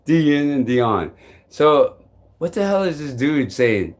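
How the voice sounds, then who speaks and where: A live-stream vlogger rambles without settling, swears plenty, and moves between loud eruptions and low mutters. He's expressive and talks a little slowly.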